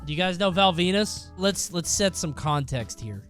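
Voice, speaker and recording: A young man with a high voice reacts to viewer stories on his stream in loose, animated commentary. He groans, exclaims and swears freely. Soft music plays faintly behind him. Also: moderate pace.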